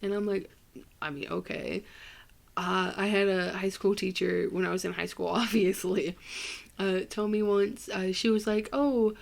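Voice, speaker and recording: Young adult, Midwestern American accent, gravelly vocal fry, casual rambling solo podcast, self-deprecating jokes. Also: mid-range voice, flat delivery, moderate pace. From Ohio, USA. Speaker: podcast host.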